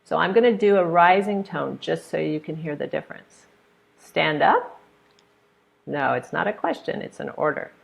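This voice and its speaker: A woman's voice: deep voice, a little fast, vocal fry, hardly any pauses. An American woman teaching pronunciation in a live online lesson, patiently demonstrating intonation with examples. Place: hot room.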